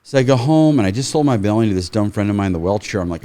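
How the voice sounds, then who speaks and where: A middle-aged man, a firearms trainer, telling stories in a casual, animated way, swearing freely and acting out quotes. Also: fairly low pitch, rapid-fire, no echo. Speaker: firearms trainer, podcast guest. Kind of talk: casual storytelling.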